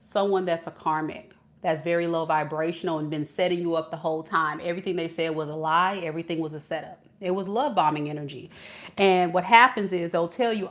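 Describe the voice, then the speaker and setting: A woman's voice: fairly low pitch, a little fast. Chatty woman giving a tarot reading. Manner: chatty, animated, acts out quoted voices, laughs at herself. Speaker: tarot reader. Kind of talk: casual spiritual reading to camera.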